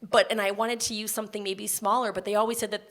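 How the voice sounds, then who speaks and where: A woman telling a personal story live on stage before an audience, conversational and earnest, with quick restarts. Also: mid-range voice, flat delivery.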